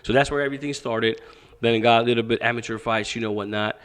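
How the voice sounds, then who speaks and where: A man's voice: mid-range voice, fast talker, clean tone. A young man, a boxing coach, telling his life story in a podcast interview, swearing freely and acting out quoted exchanges. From Pakistan. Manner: profane, animated, acts out quoted dialogue.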